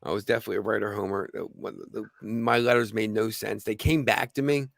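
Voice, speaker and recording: A slightly hoarse man with a gravelly voice hosting a casual livestream, rambling with lots of fillers and restarts. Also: fairly low pitch, fairly even intonation, brisk, no room sound. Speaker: livestream host.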